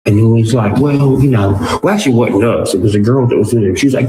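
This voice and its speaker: A man's voice: mid-range voice, fast talker, hardly any pauses. A man, a podcast guest telling casual stories and acting out what people said. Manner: animated, acts out other people's lines in quotes. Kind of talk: casual storytelling. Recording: roomy with clear background noise.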